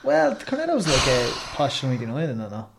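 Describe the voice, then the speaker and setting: A woman with a low voice joining in casual chat. Her pitch moves freely and expressively as she reacts and adds remarks. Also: huge pitch swings, fast talker, gravelly, background noise. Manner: reacts with laughter, chatty.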